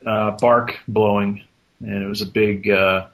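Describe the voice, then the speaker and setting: Podcast cohost, lowish and monotone, hesitant with lots of ums. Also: male voice, measured pace, vocal fry, low-quality recording. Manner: hesitant, with many fillers. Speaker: podcast co-host. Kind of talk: casual chat.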